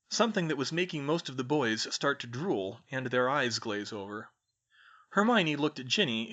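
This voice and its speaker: A man reading a fan fiction chapter aloud as narrator, with expressive storytelling. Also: medium pitch. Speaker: audiobook reader.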